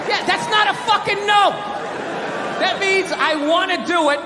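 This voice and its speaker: A stand-up comic works a live room, his voice pitched unusually high as he rants and shouts his way through the bit. He slips in and out of other people's voices. Crowd sound and a steady noise floor sit under the whole recording. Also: measured pace. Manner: loud ranting delivery, often shouting, with voiced characters. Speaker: stand-up comedian. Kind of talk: stand-up routine. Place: comedy stage before a live audience.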